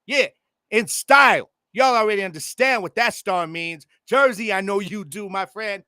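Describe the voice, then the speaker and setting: Excitable man, bright dry voice. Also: high-pitched, normal speed, dry recording. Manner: loose, excitable, talks straight to listeners with slang. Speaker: podcast host. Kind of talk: casual sports podcast monologue. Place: home room with air conditioning.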